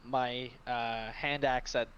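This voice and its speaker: A man playing a tabletop game, slowly and hesitantly describing his character's actions. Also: mid-range voice, flat delivery, a bit bright, highs cut off, a little hiss or hum. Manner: slow, hesitant, full of uhs. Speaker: player.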